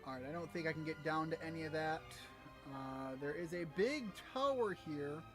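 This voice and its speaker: American man, high voice, rambling jokey game chat, faint music behind. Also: moderate pace. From United States. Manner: rambling, joking, self-mocking. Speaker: streamer. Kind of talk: casual gameplay commentary.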